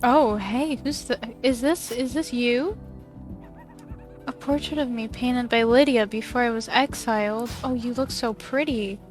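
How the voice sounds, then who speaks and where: A woman's voice: a little high, a little slow, soft background music. A woman streamer playing a video game, reading its text aloud and chatting casually, often giggling. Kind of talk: casual let's-play commentary.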